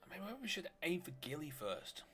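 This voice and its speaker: A man streaming a space game live, excitable and chatty, reading viewer messages aloud. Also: high voice, fairly quick. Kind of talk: live gameplay chat.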